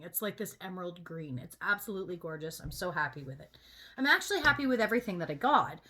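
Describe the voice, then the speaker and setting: Bright, lively-voiced woman venting candidly. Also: medium pitch. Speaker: vlogger. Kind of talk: casual chat while getting ready.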